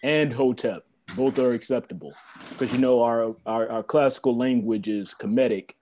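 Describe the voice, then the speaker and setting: Man, mid pitch, warm and mellow tone; calm teacher explaining on a video call. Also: moderate pace, slight background noise. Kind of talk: explaining language in an online class.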